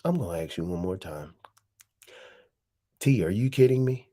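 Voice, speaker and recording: Animated, swearing male host. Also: low-pitched, normal speed. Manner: animated, profane, bursting into laughter. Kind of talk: casual chat with a rapped verse.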